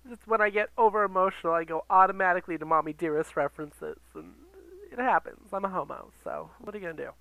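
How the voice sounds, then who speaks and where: A man voicing Donna Sugars, a lively campy drag queen. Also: high voice, quick pace, no room sound, voice pushed up, heavily acted, poor audio. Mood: ranting. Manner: theatrical, gasping, swearing, camp. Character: campy, dramatic drag queen persona, adult woman. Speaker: podcast host. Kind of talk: ranting podcast monologue. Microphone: computer sound recorder.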